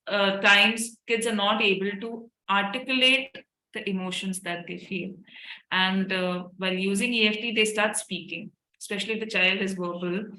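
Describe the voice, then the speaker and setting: Bright-voiced woman explaining therapy. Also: medium pitch, reverberant, rough recording. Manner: explanatory, repeats tapping statements. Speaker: EFT therapist and parent. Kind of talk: webinar talk answering questions.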